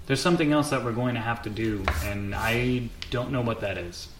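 A man voicing a calm male mentor in a tabletop game, measured and patient. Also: mid-range voice, echoey room, background noise, close to an everyday voice.

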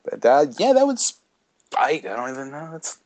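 A man's voice: on the high side, big pitch swings, a little mellow, no echo. Guy cohosting a podcast, chatty and rambly, laughs a lot, dry close sound. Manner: rambling, halting, laughs often. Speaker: podcast co-host. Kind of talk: casual chat.

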